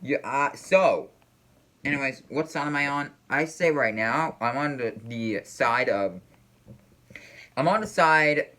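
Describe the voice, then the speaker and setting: A man's voice: medium pitch, animated, bright, forceful tone. Rambling man reacting on camera. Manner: rambling, halting, full of fillers and restarts. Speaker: reaction video host. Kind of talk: casual reaction commentary.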